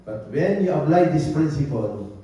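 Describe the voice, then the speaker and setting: A man preaches a sermon in a very echoey church hall, heard from some distance off the mic. His voice is mellow and dark in tone. He repeats his points and mixes in phrases. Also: on the high side, animated, moderate pace. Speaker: pastor.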